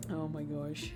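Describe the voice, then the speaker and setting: A woman streamer chatting casually with her viewers while she paints. She reads chat messages aloud and laughs often. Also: sits high.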